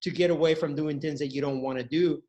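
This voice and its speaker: A man hosting a podcast, asking questions in a halting way with many restarts and repeated words. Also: on the high side, fairly even intonation, warm tone, low-quality recording. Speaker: podcast host. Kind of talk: interview questions.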